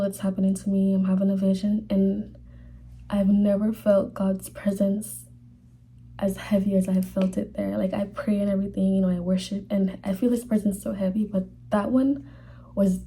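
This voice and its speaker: A young woman telling a personal faith testimony in a halting, casual way, full of fillers, sometimes dropping to a whisper. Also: medium pitch, mellow, slightly rough. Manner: halting, many fillers, drops to whispers when emotional. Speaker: vlogger sharing a faith testimony.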